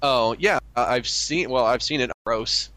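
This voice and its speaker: A man's voice: medium pitch, measured pace, pushed and bright. A man co-hosting a crude comedy chat, speaking in a dry, mock-prim way with lots of hesitations. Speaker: co-host.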